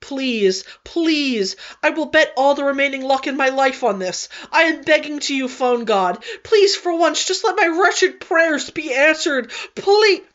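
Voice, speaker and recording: A man's voice: high-pitched, measured pace, few pauses, pitched below the performer's own voice. A woman doing a stammering, frantic young man. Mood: pleading. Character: panicky young man, nervous wreck. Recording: dull lo-fi recording.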